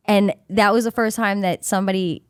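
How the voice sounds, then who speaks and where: A chatty woman with a strong New York accent, co-hosting a comedy podcast. She tells stories with plenty of emphasis, and her voice sounds dry and close, with no room sound. She speaks at a middling pitch. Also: steady tone, fairly quick, smooth, no room sound. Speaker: podcast co-host. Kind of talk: casual comedic chat.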